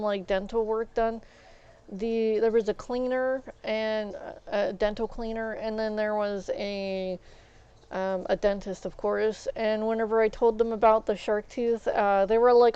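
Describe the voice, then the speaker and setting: A woman's voice: a little high, clean tone, dull audio. A woman telling rambling stories on a stream, acting out what others said. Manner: rambling, animated, acts out quoted people. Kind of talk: casual storytelling while gaming.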